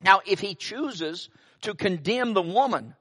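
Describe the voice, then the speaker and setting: A man's voice: high-pitched, animated, measured pace, pushed and bright. A middle-aged male pastor preaching a sermon, telling stories with wry asides.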